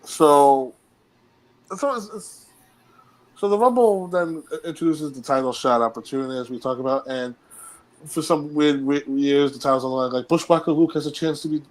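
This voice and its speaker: Chatty man with a higher voice. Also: normal speed, rough recording. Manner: rambling, laughs while telling stories. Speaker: podcast co-host. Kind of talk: casual chat.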